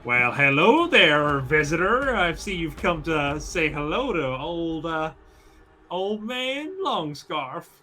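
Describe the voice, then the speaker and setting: A smug, folksy bandit chief drawls in a thick put-on Southern US accent, as a game master puts him on. The voice is bright and forward, mocking its foes. Tabletop role-play voice. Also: male voice, fairly high pitch, sing-song, slow pace, a little hiss or hum, voice pushed up, heavily acted. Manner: gloating, folksy. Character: gloating male bandit leader with southern drawl.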